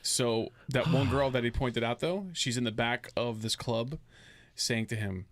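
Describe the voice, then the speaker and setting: A man co-hosting a casual chat, telling stories quickly and acting out other people in a high voice. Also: no echo. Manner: fast storyteller, mimics others in a high voice. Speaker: podcast co-host.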